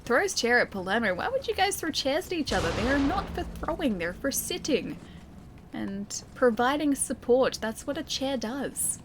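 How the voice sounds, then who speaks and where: A woman's voice: sits high, very animated, normal speed, background noise. A woman streaming a game live, chatting playfully with her viewers and joking as she plays. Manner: playful, chatty, jokey asides.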